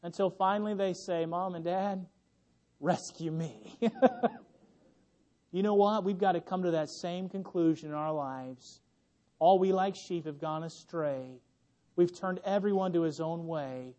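A young adult male pastor preaching a sermon, swinging from loud exclamations to hushed, tender passages. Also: sits high, moderate pace.

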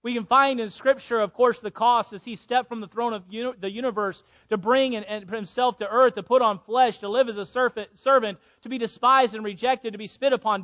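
High-pitched preacher guy, goes soft then really loud, kinda muffled dry sound. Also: fairly even intonation, brisk, hardly any pauses. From Illinois, USA. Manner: swings from hushed to loud emphatic preaching. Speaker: pastor. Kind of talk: sermon.

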